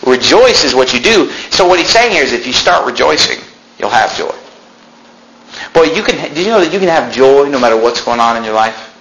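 A man's voice: mid-range voice, big pitch swings, a little fast, vocal fry, fairly bright tone, echoey room, slight background noise, poor audio. A man preaching a sermon, reading scripture aloud and building to emphatic repeated phrases. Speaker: pastor. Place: church sanctuary.

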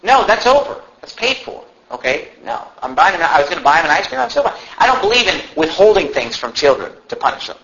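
A man preaching a sermon in an animated way, now and then shouting mocking impressions. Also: a little high, fast talker, few pauses, muffled recording. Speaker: pastor.

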